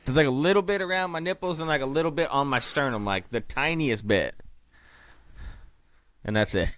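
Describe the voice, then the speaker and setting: A man's voice: on the high side, a little fast, fairly bright tone, no room sound. A man co-hosting a podcast, bantering in a joking, wry way. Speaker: podcast co-host. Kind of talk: casual chat.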